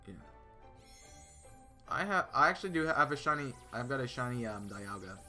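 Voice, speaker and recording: With a mid-range voice that's bright, forceful, and animated, a male streamer keeps a moderate pace while chatting loosely with his live chat during a game. His casual talk wanders through stories and viewer replies, marked by restarts and fillers over faint background music.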